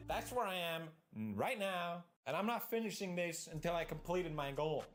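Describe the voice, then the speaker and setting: A man vlogging about building a computer rig, animated and exasperated, breaking into shouted rants. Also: sits high, normal speed, hardly any pauses, faint music behind. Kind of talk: energetic comedic vlog rant.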